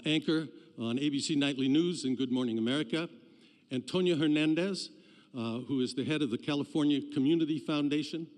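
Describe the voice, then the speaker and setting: Man addressing a large hall, halting. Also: mid-range voice, darkish tone. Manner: loose, halting delivery with many fillers and restarts. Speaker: debate commission official addressing the hall audience. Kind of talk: live address to an audience. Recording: long hall reverb.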